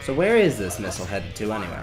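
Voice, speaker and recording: A man's voice: lowish voice, sing-song, fast. A young man giving rambling, sarcastic commentary over a video game playthrough. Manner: rambling, wry, sarcastic asides. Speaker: let's play commentator. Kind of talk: casual gameplay commentary. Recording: game music playing behind. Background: video game music.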